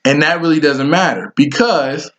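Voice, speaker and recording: A man co-hosting a podcast with his wife, telling funny stories about her in an animated, laughing way. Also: a little high, moderate pace. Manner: animated storytelling, laughing a lot. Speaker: podcast co-host. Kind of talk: joking married-couple chat.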